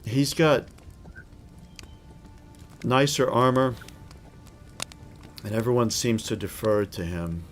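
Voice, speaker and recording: A man narrating as game master of a tabletop role-playing game, relaxed and with frequent fillers. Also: medium pitch, takes it slowly, pauses often, faint music behind.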